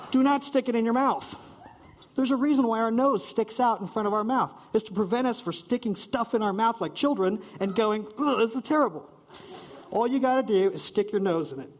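A man giving a playful, animated short talk on stage to a live audience, acting out quick voices of diners and servers. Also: sits high, a little hiss or hum. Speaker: speaker at a short-talk event.

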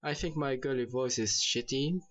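A man's voice: mid-range voice, normal speed, fairly bright tone. A man casually commentating a game he plays, reading its characters aloud in shifting voices with offhand jokes. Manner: jokey, offhand. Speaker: gaming YouTuber. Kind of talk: casual let's play commentary. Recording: dull lo-fi mic with faint game music.

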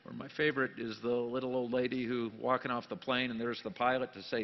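A man's voice: medium pitch, level tone, fast, hardly any pauses. Man preaching in a long church echo. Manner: jokey, swings from quiet asides to loud emphatic bursts. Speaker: pastor. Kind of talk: sermon. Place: church sanctuary. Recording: long church reverb, dull lo-fi sound.

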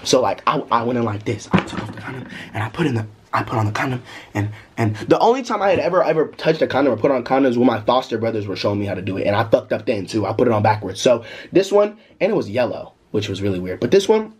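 A young man tells a story to his vlog in a loose, slangy, animated way. His voice is husky and a little breathy, and it swings widely in pitch, jumping high whenever he gets worked up. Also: quick pace. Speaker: vlogger. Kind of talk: casual storytime.

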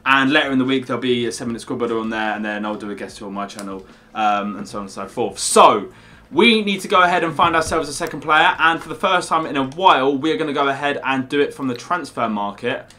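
A man's voice: medium pitch, fast talker, bright, forceful tone. A young man hosting a gaming video, chatty and upbeat, often calling his co-host "mate". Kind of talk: casual gaming video commentary.

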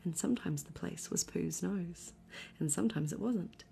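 A woman reading a bedtime story aloud in a soft, unhurried ASMR whisper. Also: on the low side, creaky, slight background noise. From Australia. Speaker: ASMR streamer.

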